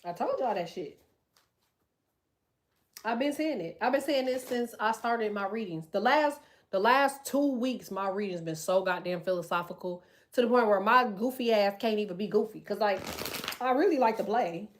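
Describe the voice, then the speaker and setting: A woman giving a loud, animated, profanity-filled casual tarot reading, full of slang. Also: mid-range voice, moderate pace. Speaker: tarot reader.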